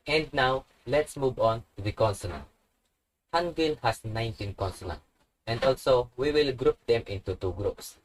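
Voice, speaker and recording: Slow-paced man teaching letter sounds. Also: medium pitch, rough recording. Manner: slow, repeats each sound with example words. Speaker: language teacher. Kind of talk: slow instructional tutorial.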